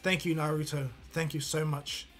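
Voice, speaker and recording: A man's voice: on the high side, little pitch movement, normal speed, a bit bright, lightly acted. A man voicing a laid-back grown male ninja teacher with a wry, grumbling way of talking, in a fan story.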